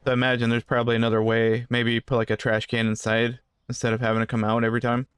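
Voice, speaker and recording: Man, mid-pitched voice, casual gameplay commentary, joking banter, rambling asides, dry close sound. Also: completely flat delivery, quick pace, clean tone, no room sound. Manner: joking banter at game customers. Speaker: gaming channel host.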